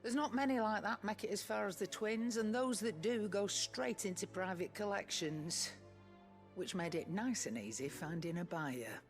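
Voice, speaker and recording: An actress playing a gruff, suspicious older woman trader who talks curtly and sarcastically. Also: medium pitch, lively intonation, normal speed, faint music behind, close to an everyday voice. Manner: curt, sarcastic, dialect grammar.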